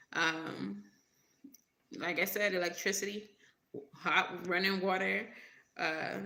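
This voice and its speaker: Gravelly, bright-voiced woman tarot reader. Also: fairly low pitch, echoey room. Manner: emphatic, repeats points, laughs often. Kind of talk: casual livestream talk.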